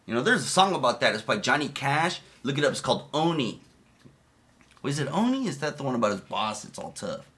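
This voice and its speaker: A man riffing over a video in a bright, forceful voice, swearing freely and wandering off into stories. He laughs his way through the telling, his talk loose and casual. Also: medium pitch, very animated, fairly quick. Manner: profane, laughing, loose storytelling. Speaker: streamer commenting on a video. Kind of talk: casual, rambling commentary.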